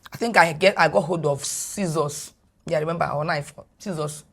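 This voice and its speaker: A Nigerian woman with a husky, breathy voice recounts her experience as a podcast guest. She sits a little low in pitch and tells it with animated energy, sliding between English and Pidgin as she goes. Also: moderate pace. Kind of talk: personal storytelling in a podcast interview.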